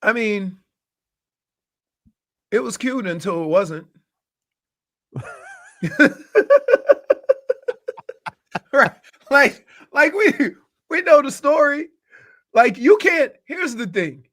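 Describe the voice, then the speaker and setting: Male radio co-host with a high, bright, ringing voice. Animated and rambling, in casual studio banter. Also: drawn-out words, long pauses. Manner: animated, rambling, trails off and restarts. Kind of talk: casual chat.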